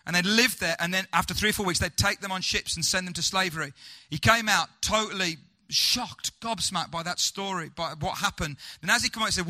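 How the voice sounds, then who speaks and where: A man preaching a sermon, asking the congregation rhetorical questions and swinging between loud, urgent lines and hushed, slow ones. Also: high voice.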